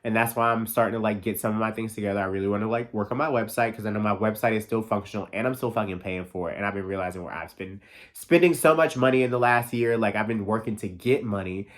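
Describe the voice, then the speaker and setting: Fast-talking man in his thirties. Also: on the low side. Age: 30s. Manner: fast, excitable, lots of "like" fillers and swearing. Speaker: podcast host. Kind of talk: casual solo monologue. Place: New York.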